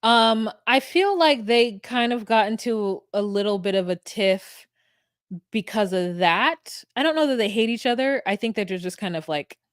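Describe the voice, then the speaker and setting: A woman's voice: fairly high pitch, moderate pace, no room sound, studio quality. A woman co-hosting a podcast, musing in a laid-back way with lots of fillers. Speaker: podcast co-host. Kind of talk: casual recap chat.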